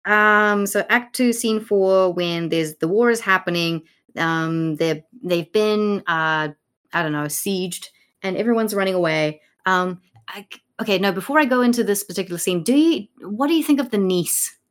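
A woman's voice: medium pitch, normal speed, a bit bright. A woman co-hosting a podcast, rambling casually about a play with lots of fillers and jokey character voices. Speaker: podcast co-host. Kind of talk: casual literary discussion.

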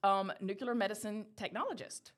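A woman's voice: medium pitch, normal speed. A woman in her forties from north Florida with a Southern accent, a hospital radiology worker chatting in a friendly, easygoing way in an interview. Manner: friendly, chatty, laughs easily. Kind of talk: casual interview chat.

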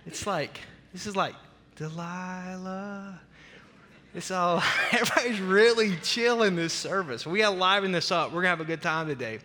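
A man's voice: high-pitched, a little fast, hardly any pauses, noisy background. A middle-aged man with a Southern US accent, a senior pastor giving a chatty, joking sermon welcome that rambles with restarts, on a stage microphone in a large church. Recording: long hall reverb.

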